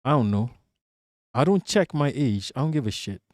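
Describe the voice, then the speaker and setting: A man's voice: mid-range voice, animated, moderate pace, no room sound, clean studio sound. A man streaming live, reading chat aloud and answering it in a casual, profane, joking way.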